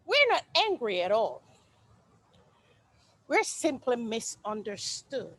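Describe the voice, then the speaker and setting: A stage monologue from a woman voicing an outspoken, sassy woman airing her grievances. The voice sits high and swoops widely, and the delivery is unhurried. She slips into mocking, exaggerated tones. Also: no room sound, exaggerated voice. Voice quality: expressive, mocking tone shifts. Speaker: stage actor performing a monologue. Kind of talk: theatrical monologue.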